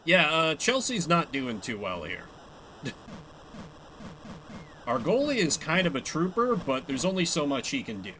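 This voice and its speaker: A man's voice: on the high side, big pitch swings, measured pace, pauses often, sharp tone, slight background noise, rough recording. A young man chatting casually and laughing at himself while he plays a game live. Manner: chatty, self-mocking, laughs often. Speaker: streamer. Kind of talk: live gameplay commentary.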